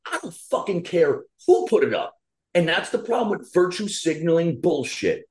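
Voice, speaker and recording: A man's voice: a little high, moderate pace. A man co-hosting a casual podcast, ranting with lots of swearing and heated storytelling. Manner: profane, animated ranting. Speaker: podcast co-host.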